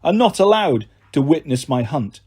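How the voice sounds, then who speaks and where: A man voicing a stern, commanding young goddess of the hunt who speaks calmly, coldly and formally. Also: fairly high pitch, normal speed, breathy edge. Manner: calm, cold and formal.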